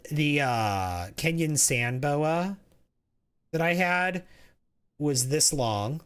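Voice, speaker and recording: A man's voice: fairly high pitch, lively intonation, drawn-out words, fairly bright tone, clean tone. A man streaming a game, chatting casually in a rambling way, reading chat aloud and often restarting his sentences.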